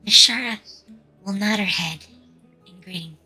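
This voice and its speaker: A woman's voice: medium pitch, unhurried, pushed and bright, breathy edge, soft background music. A woman playing a tabletop game, speaking in a laid-back way. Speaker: player.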